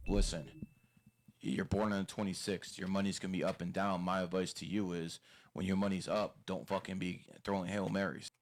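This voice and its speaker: A man's voice: sits low, little pitch movement, brisk. A man hosting a podcast, giving blunt and profane advice in a lecturing tone. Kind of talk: casual podcast talk.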